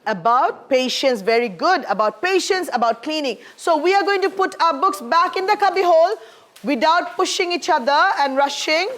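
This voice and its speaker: A woman's voice: sits high, expressive, normal speed, fairly bright tone, a little hiss or hum. A woman teaching a primary school science class, encouraging her pupils and calling them darling as she leads a clean-up and a discussion.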